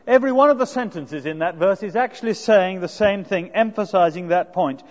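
High-voiced preacher man in a hall. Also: brisk, hardly any pauses. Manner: earnest, asks rhetorical tag questions. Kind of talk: expository sermon. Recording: dull lo-fi sound with long hall reverb.

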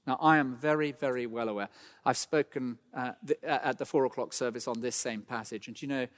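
A middle-aged man delivers a church sermon, his voice pitched in an ordinary middle range. He speaks earnestly, rises to fervent emphasis, and drops in fillers and restarts. The sound carries a long reverb from a large hall. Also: steady tone, a little fast. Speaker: preacher.

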